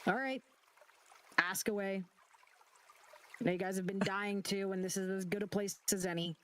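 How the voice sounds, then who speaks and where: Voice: mid-range voice, fairly even intonation, normal speed, natural voice. A game master voicing a centuries-old man who is guarded, defensive and sarcastic, in a tabletop role-play. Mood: weary. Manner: defensive, sarcastic, swears when pushed.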